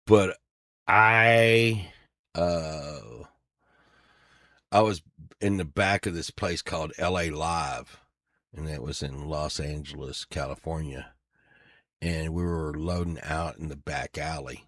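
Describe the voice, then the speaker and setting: A man's voice: low voice, dry recording, studio quality. A middle-aged man telling a rambling, profane personal story, full of fillers and restarts. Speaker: storyteller on a podcast. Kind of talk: casual storytelling.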